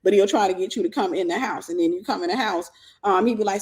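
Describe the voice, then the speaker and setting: Woman, host, casual advice chat, lively storytelling, voices the people she quotes. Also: mid-range voice, quick pace. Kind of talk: casual spoken advice to viewers.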